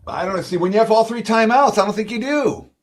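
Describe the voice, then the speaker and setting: A man's voice: sits high, expressive, fairly quick. A man hosting a live sports-betting show in casual chat, wry and talkative, often trailing off with fillers.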